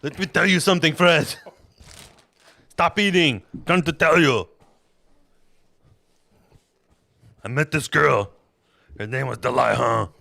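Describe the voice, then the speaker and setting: Man doing a booming action-star strongman. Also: moderate pace, creaky, pauses often, bright, forceful tone. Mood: gruff. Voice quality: impression of a thick-accented action star. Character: burly strongman hero retelling a Bible tale.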